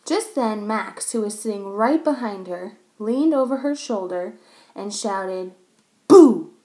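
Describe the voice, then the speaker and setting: A woman reading a children's story aloud, pausing to explain things to young listeners. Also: mid-range voice, animated, darkish tone.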